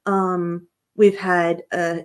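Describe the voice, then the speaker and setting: A woman's voice: on the low side, level tone, drawn-out words, clear, resonant tone. Congested woman guest, rambling and laughing, call audio. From United States. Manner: rambling, laughing, self-correcting. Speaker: paranormal investigator guest. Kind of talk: casual chat.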